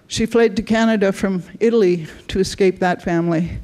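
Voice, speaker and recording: Brief: woman conference speaker, mid-pitched voice, earnest storyteller. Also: a little fast, darkish tone. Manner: earnest storytelling in short phrases. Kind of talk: conference talk telling client stories.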